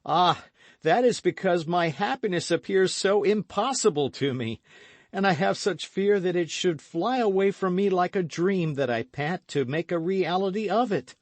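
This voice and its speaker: A man's voice: medium pitch, big pitch swings, unhurried, no room sound, pitched above the performer's own voice. A man reading an audiobook, voicing a passionate young swordsman who speaks in eager, impassioned exclamations. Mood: ardent, eager.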